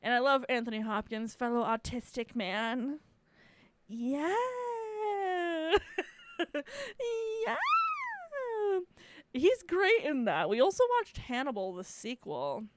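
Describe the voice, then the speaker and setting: Podcast lady chatting, kinda high voice that swoops around, swears a lot, laughs a bunch. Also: no echo. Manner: gushing, swears freely, laughs often. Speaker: podcast host. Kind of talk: casual solo podcast chat.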